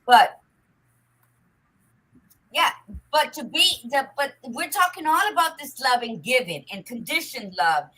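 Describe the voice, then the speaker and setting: Woman, high-pitched, bright, husky, emphatic, preachy, swears, casual talk show. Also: poor audio. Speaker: podcast co-host. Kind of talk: casual chat.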